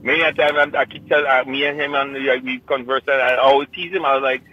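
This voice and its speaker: A man's voice: mid-range voice, steady tone, fast talker, slightly rough. A man with a Grenadian accent calling in to a radio talk show, chatting in a loose, rambling, teasing way. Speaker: caller. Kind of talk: casual call-in chat. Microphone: telephone. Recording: muffled phone line.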